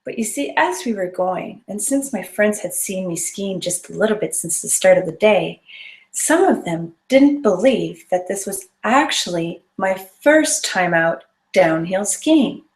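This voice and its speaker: A woman's voice: medium pitch, expressive, measured pace, echoey room. A woman telling a personal story to an audience, earnest and vivid, sometimes dropping to a whisper. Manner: earnest and vivid, drops to a whisper at tense moments.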